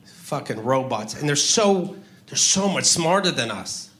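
A man performing stand-up, his pitch leaping all over the place as he rants profanely. His voice is bright and cutting, and he breaks into sudden loud outbursts. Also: lively intonation, measured pace. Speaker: stand-up comedian. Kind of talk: stand-up routine.

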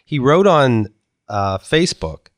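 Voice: mid-range voice, very animated, takes it slowly, dry recording, studio quality. A podcast host telling stories in casual chat, laughing and swearing as he goes.

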